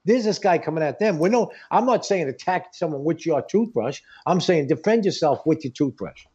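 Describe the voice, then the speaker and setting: A middle-aged man talks in loose, rambling bursts, joking and circling back over the same point. His voice is husky and dark, and the recording sounds dull and lo-fi. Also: on the high side, lively intonation, moderate pace. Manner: rambling, jokey, repeats himself. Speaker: advice-giving show guest. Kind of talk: casual chat.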